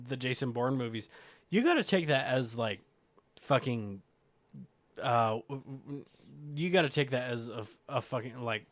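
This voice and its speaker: A young man co-hosting a casual film podcast, excitable and swearing, often stumbling and restarting his sentences. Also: medium pitch. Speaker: podcast co-host. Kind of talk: casual film-review chat.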